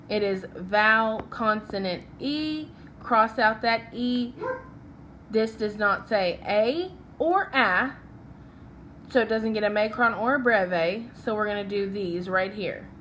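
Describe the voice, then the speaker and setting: A young woman teacher leading a phonics lesson, talking slowly and checking in often with "okay?" as she writes along. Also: mid-range voice, a bit bright, slight background noise. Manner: slow, patient, checks in with "okay?".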